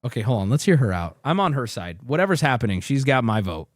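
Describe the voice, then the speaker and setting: A man's voice: mid-range voice, big pitch swings, fast, no room sound. Guy streamer reacting to clips, crude and joking, voice jumps all over, dry close sound. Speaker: streamer host. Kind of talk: casual reaction commentary.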